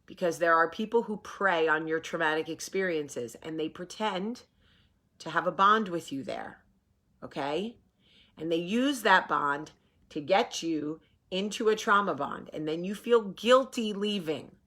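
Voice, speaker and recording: A woman's voice: on the low side, unhurried, a bit bright. A woman from New Jersey in her forties, chatting casually to camera and acting out the people in her stories. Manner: chatty storyteller, acts out voices in anecdotes. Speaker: vlog host. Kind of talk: casual morning chat to camera.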